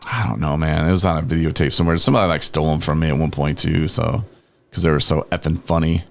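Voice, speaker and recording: A man's voice: very deep voice, quick pace, gravelly. A man on a recovery talk show, telling rambling stories in a casual, laughing chat and acting out other people's lines. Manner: rambling, laughing, quotes people in lively voices. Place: podcast studio.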